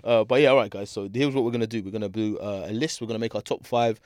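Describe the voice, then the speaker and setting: A man's voice: lowish voice, steady tone, racing, darkish tone, no echo, clean studio sound. A young man hosting a podcast, laid-back and laughing often, full of slang. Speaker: podcast host. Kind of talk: casual chat.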